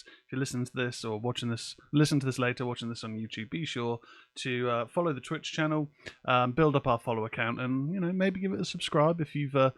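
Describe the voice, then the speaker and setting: Chatty podcast host, dry sound. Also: male voice, medium pitch, dry recording. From England. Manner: casual, chatty, swears offhandedly. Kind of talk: live-streamed podcast chat. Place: home office with windows open. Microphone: desk microphone.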